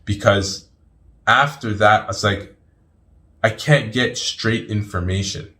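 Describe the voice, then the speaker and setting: A middle-aged man, a guest in an interview, telling his story in an animated way and often repeating words. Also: fairly low pitch, slow pace.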